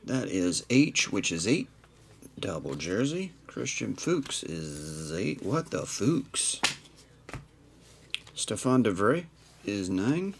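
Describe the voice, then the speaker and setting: Slow-talking man calling card breaks. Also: on the low side, sing-song, creaky, slight background noise. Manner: unhurried, reads off card numbers with dry jokes. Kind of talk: live card break commentary.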